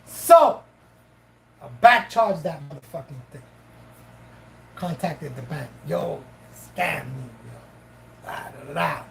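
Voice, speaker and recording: A woman's voice: low voice, takes it slowly, gravelly, pauses often, rough recording. A woman host casually telling a story on a live stream, swearing freely and acting out both sides of the dialogue. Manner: profane, animated, acts out both sides of dialogue.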